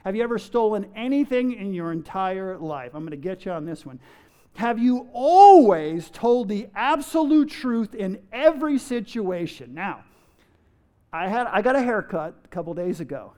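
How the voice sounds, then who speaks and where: A man gives a sermon in a high-pitched, sing-song voice that is smooth and dark in tone, at a moderate pace. He throws rhetorical questions at the congregation, playfully mimics everyday sayings, and chuckles.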